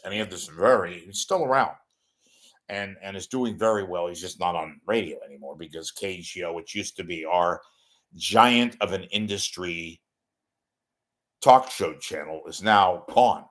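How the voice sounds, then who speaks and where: A man's voice: low-pitched, animated, moderate pace, fairly bright tone. An older man hosting his own talk show, talking off the cuff to viewers in a blunt, rambling, self-mocking way. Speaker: host of an online talk show. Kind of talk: unscripted solo talk reading viewer messages.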